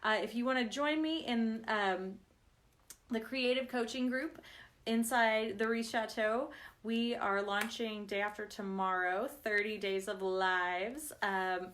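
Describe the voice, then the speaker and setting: A woman, chatting warmly and laughing through stories as she hosts a craft livestream. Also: mid-range voice. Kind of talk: casual craft livestream chat.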